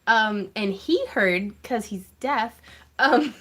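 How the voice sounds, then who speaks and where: A woman's voice: a little high, expressive, slow pace, fairly bright tone, a little hiss or hum. A woman hosting a casual craft livestream, chatting to viewers in a gushing, effusive way and laughing often. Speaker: craft channel host.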